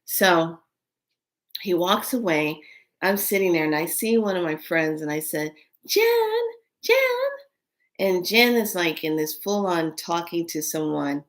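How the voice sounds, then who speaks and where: A woman telling a spiritual story in casual, animated speech with many fillers, acting out quoted voices. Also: on the low side, measured pace.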